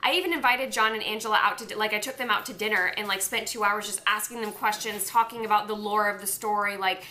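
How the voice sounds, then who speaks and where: A woman's voice: mid-range voice, fairly even intonation, fast, hardly any pauses, bright, forceful tone. A young woman chatting enthusiastically as a guest on a casual vlog. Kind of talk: casual chat.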